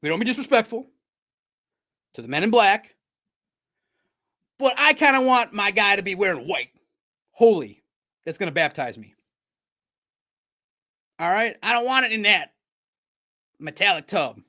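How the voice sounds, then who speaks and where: A man chats through a casual sports recap in a high, lifted voice. His tone is bright and ringing. He riffs and jokes, then suddenly gets loud for emphasis. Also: measured pace, pauses often. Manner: animated, jokey riffs with sudden loud bursts. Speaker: sports show host.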